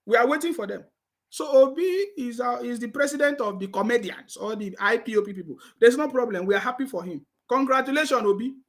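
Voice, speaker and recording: A man's voice: very high voice, fast. A man with a Nigerian accent giving mocking political commentary, repeating himself and laughing with scorn.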